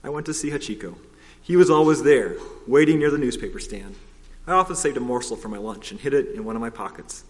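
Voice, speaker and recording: Male storybook narrator, steady, expressive, long hall reverb. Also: medium pitch, fast talker. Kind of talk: storybook reading aloud.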